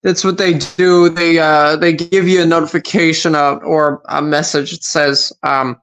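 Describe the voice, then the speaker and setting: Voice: medium pitch, flat delivery, a little slow, hardly any pauses, a bit bright, smooth. A recap host giving casual commentary, agreeable and chiming in with hesitant fillers.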